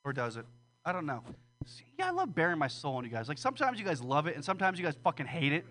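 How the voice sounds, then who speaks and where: A man's voice: fairly high pitch, huge pitch swings, quick pace, pushed and bright. A man doing a rambling, profane, self-deprecating stand-up set at an open mic. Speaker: stand-up comedian. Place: small comedy room with audience.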